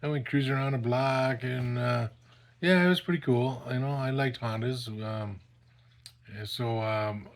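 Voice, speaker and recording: A man's voice: medium pitch, measured pace, vocal fry. A middle-aged man casually telling a personal story, rambling and profane, with plenty of fillers.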